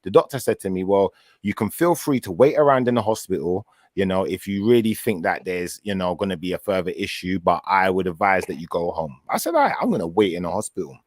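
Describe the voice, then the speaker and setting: Low-voiced man telling a story. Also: fast, no room sound, studio quality. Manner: animated storyteller, acts out his own quoted words. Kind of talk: casual chat.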